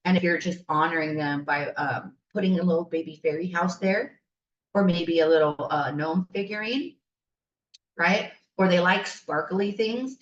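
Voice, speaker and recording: A woman's voice: on the low side, moderate pace. A woman spiritual coach telling stories in a casual, chatty and enthusiastic podcast style, rambling along as she goes. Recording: roomy, distant, dull sound.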